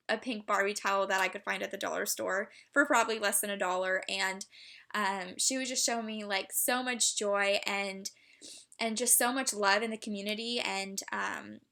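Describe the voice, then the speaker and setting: A woman's voice: mid-range voice, vocal fry, sharp tone. A young woman telling a heartfelt personal story, emotional and full of fillers like "um" and "like.". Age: young adult. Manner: emotional, many fillers and restarts. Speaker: student speaker.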